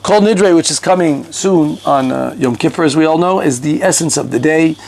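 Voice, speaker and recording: A man teaching a conversational halacha lesson, animated and talkative, mixing Hebrew and Yiddish terms into his English. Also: on the high side, moderate pace, creaky, slight background noise. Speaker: Torah teacher.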